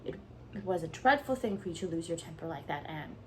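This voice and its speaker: A woman's voice: deep voice, expressive, a little fast, a little mellow, a little hiss or hum. Woman reader playing a stern, dry middle-aged spinster, scolding, storybook reading.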